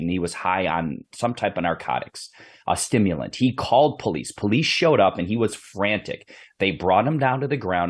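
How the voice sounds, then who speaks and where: A man hosting a policing podcast, telling a story in an animated way and often repeating his words. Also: lowish voice. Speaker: podcast host, police background. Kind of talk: podcast interview, conversational.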